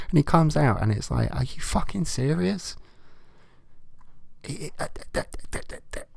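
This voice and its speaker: A young man with a fairly low voice delivers a sarcastic, swear-heavy comedic rant. He reads letters aloud and mocks them. The sound is dry, with no room echo. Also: darkish tone. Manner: profane, sarcastic ranting. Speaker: vlogger.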